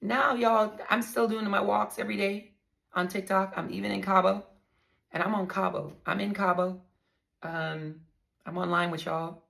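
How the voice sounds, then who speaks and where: A woman's voice: mid-range voice, fairly even intonation, moderate pace, gravelly, fairly bright tone. A woman vlogger candidly telling her own story to her viewers, blunt and profane, often calling them y'all.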